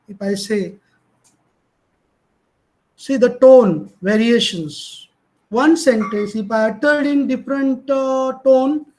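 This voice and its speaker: A man's voice: very high voice, darkish tone, slight background noise, rough recording. A middle-aged man with an Indian English accent giving a motivational lecture to college students, emphatic and shifting his tone to show stress. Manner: emphatic, varies tone to demonstrate stress.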